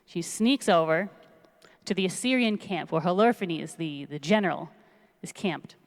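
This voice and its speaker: A woman rabbi retelling a story in a casual, lively sermon in a synagogue sanctuary. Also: fairly low pitch, normal speed. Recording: long reverb of a large hall.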